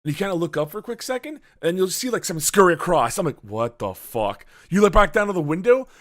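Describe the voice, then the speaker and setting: Man, podcast host, lively swooping pitch, slightly high voice, animated storytelling, swears freely. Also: rapid-fire. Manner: animated storytelling, acts out his own reactions, swears a lot. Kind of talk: casual podcast chat.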